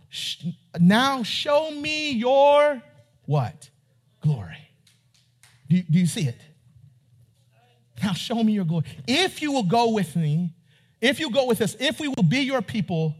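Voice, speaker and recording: A man preaching a sermon, reading scripture and asking his congregation questions, rising at times to near-shouting. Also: very high-pitched. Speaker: pastor.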